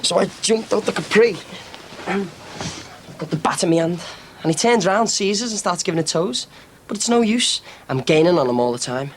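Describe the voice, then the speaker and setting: A brash ex-con, gravelly voice, boastful, TV soap drama. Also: male voice, high-pitched, normal speed, a little hiss or hum. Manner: boastful, lively storytelling. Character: cocky young ex-con man, brash braggart. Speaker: small-time criminal.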